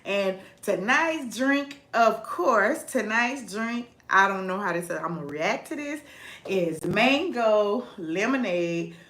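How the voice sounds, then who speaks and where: Lively, bright-voiced woman streamer. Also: mid-range voice, slow. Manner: animated and playful, reads chat aloud, sing-song repetition. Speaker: livestream host. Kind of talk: casual livestream chat.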